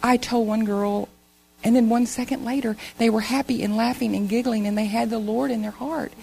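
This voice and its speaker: Gravelly-voiced woman telling a church story. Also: fairly high pitch, fairly even intonation, a little fast, warm tone, poor audio. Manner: earnest, emotional storytelling. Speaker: church member giving a testimony. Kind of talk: church testimony.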